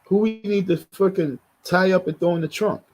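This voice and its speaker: Man, husky voice, blunt and heated livestream commentator, repeats his points. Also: sits high, normal speed, a little mellow, poor audio. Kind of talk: casual live commentary.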